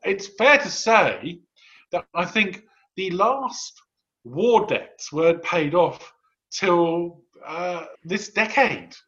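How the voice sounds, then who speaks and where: A man in his fifties chats about politics with a dry, sardonic edge, often stumbling and restarting his sentences. His voice sits a little high for a man, and the recording sounds dull and lo-fi. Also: lively intonation, slow pace, a bit bright. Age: 50s. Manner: wry, sardonic, frequent restarts. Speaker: podcast guest commentator. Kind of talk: casual political chat.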